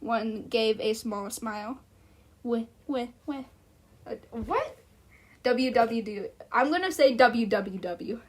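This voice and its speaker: A woman's voice: fairly high pitch, slow pace. A woman streamer reading fan fiction aloud on a live stream, giggling and breaking off into rambling asides.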